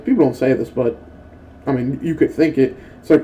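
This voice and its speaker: A man's voice: medium pitch, a little fast, low-quality recording. A young man in casual gameplay commentary, rambling and swearing as he tells stories between moves. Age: young adult. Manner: rambling and profane, with excitable acted-out quotes. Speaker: gaming channel host.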